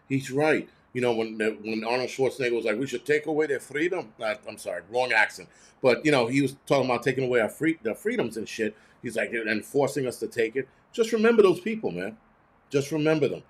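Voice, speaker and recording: A man hosts his own show in a heated, casual rant. He talks bluntly and profanely, firing off rhetorical questions at his audience. His voice sits at an ordinary middle pitch for a man. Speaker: host. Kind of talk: casual ranting commentary.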